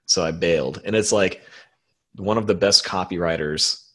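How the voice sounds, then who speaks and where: A man's voice: deep voice, moderate pace, bright, forceful tone. A man co-hosting a podcast in easygoing casual chat, laughing often and restarting his sentences. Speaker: podcast co-host.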